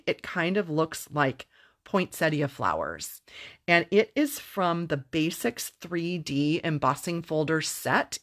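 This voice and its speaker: A middle-aged woman walks through a craft tutorial in a low, unhurried voice. She chats casually and pokes fun at herself, laughing easily along the way. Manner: chatty, self-deprecating, laughs easily. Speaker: papercraft demonstrator.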